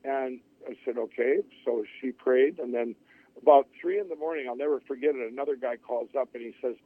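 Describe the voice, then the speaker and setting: A man's voice: medium pitch, a little fast, dry recording. A middle-aged man telling his life story in an interview, rambling with restarts and acting out what others said. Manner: rambling, with many restarts and acted-out quotes. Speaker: interview guest. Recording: tinny phone-line audio.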